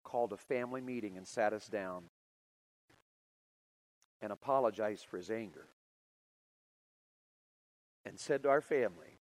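A middle-aged man preaching a sermon, telling stories with big swings between loud and soft. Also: fairly low pitch, a little slow, long pauses, low-quality recording. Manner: animated storytelling with big swings in loudness.

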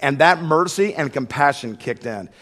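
A middle-aged man preaching a sermon, telling a humorous story in an animated way before building to loud preaching. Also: fairly high pitch, moderate pace. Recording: echoey hall with long reverb.

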